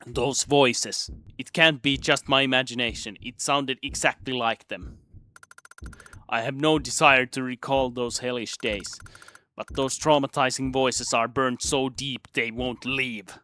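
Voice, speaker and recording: A young man hosting a let's play, reading a game's text aloud in a subdued, measured way. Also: medium pitch, steady tone, bright, forceful tone.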